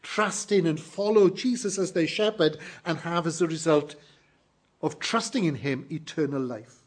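A man preaching a morning sermon to his congregation, earnest and emphatic, slowing down to stress key phrases. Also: a little high. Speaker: pastor.

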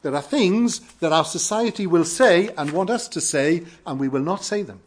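A man from Wales with a Welsh accent, preaching an earnest sermon with emphatic rises and quiet falls. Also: on the high side, expressive, moderate pace. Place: church in London.

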